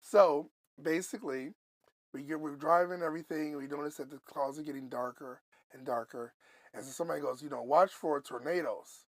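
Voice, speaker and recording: A man from Buffalo, New York telling a story on a podcast, animated and loose, swearing and going off on asides. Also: on the high side, brisk, no echo. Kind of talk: casual storytelling.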